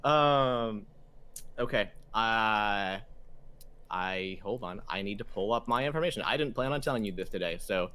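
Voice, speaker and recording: A man's voice: fairly low pitch, unhurried, sharp tone, smooth. A man narrating as game master of a tabletop game, rambling and hesitant, with many fillers.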